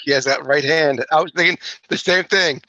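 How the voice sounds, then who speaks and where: A man's voice: a little high, fairly quick, bright, forceful tone, muffled recording. A man interviewing a guest, chiming in briefly to agree. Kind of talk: casual interview.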